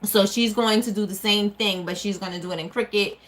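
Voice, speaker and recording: Brisk and steady, this small business owner speaks in a mid-range, fairly bright voice. On her casual live stream she chats and responds to viewer comments as they pop up.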